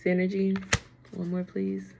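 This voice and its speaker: A woman's voice: medium pitch, completely flat delivery, measured pace, gravelly, background noise. A woman giving a casual, emotional tarot reading on a livestream, chatting straight to her viewers. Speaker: tarot reader.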